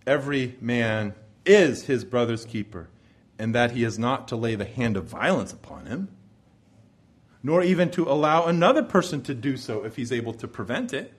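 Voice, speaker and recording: A male preacher delivering an expository sermon in a measured, emphatic way, his voice dropping low at the ends of phrases. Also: very animated, breathy edge.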